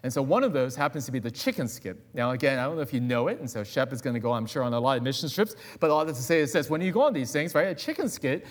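A man preaching a sermon as guest pastor in a church, conversational and full of personal asides. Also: medium pitch.

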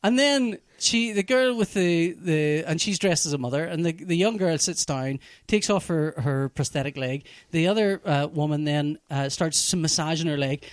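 A man telling a TV plot in casual chat, animated and profane, full of restarts. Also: on the high side, normal speed, few pauses, no echo, studio quality. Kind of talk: casual chat, recapping a TV show.

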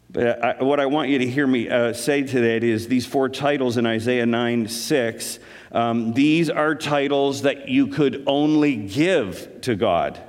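A man's voice: mid-range voice, big-room sound. A pastor preaching a sermon to his congregation in an earnest, conversational way, pressing his points with rising emphasis.

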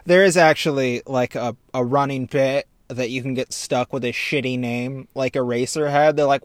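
A man's voice: mid-range voice, fairly even intonation, a little fast, few pauses, clear, resonant tone, no echo, clean studio sound. A man hosting a podcast in casual comedic chat, rambling with lots of fillers and mocking his own ideas. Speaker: podcast host.

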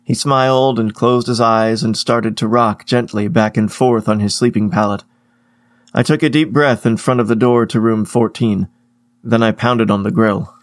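A man's voice: lowish voice, steady tone, normal speed, dry recording. Man reading a story, dry close sound. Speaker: narrator. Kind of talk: first-person story reading.

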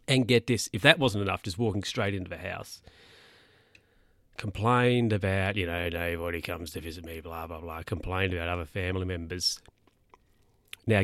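A man's voice: low voice, no room sound, studio quality. A man telling stories casually to camera as a vlogger, rambling and chatty. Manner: rambling, chatty, with mock-quoted voices.

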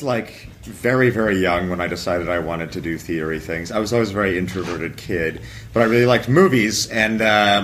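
A young man talking casually about how he got into acting, relaxed and rambling with filler words. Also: sits low, slight background noise. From Toronto, Canada. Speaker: actor and improviser. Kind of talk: casual chat.

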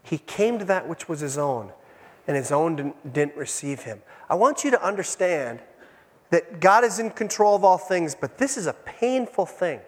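A pastor with a fairly high voice preaches a sermon. He shifts between soft, hushed lines and raised, dramatic storytelling, and a long church reverb rings out behind every phrase. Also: very animated, moderate pace. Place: church sanctuary.

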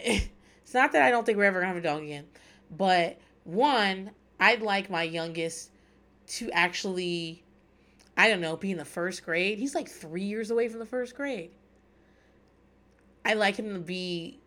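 A woman's voice: medium pitch, fairly bright tone. Profane, candid woman in casual chat. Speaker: podcast host recapping a TV show.

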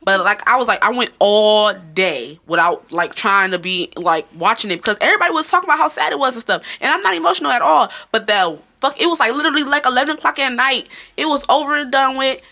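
A woman's voice: high voice, fast, hardly any pauses, pushed and bright. A woman hosting a casual podcast, talking loosely, swearing and laughing often. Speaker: podcast host.

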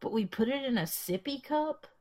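A woman's voice: sits high, animated, moderate pace, a little mellow. A young woman co-hosting a podcast, telling stories in a rambling way, swearing freely and laughing often. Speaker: podcast co-host. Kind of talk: casual chat.

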